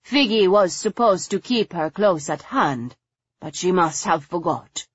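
A woman reading the part of a harried aristocratic hostess, in a brisk, apologetic manner. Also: fairly low pitch, animated, breathy edge, no room sound, dull audio.

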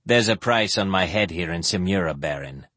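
A man doing a drunken, cynical mercenary in a low, slurred, mushy voice. He sneers through every line, husky and heavy. Close, dry sound. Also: expressive, moderate pace, fairly bright tone, no echo. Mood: sardonic.

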